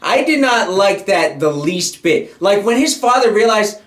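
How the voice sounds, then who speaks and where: A young man hosting a casual chat, joking and swearing in an animated way. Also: sits high, unhurried, reverberant.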